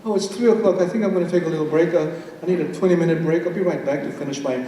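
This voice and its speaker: A man's voice: on the high side, very fast, mellow, far from the mic, slight background noise, close to an everyday voice. A man voicing a casual office worker announcing a break, in an offhand way, in an echoey hall. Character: ordinary male office worker, casual and unhurried.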